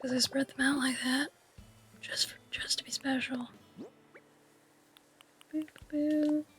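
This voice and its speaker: A woman streamer whispering softly in a raspy voice, musing playfully and with mock grandeur as she chats over her game. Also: high-pitched, level tone, a little slow, faint music behind. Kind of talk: casual gameplay chat.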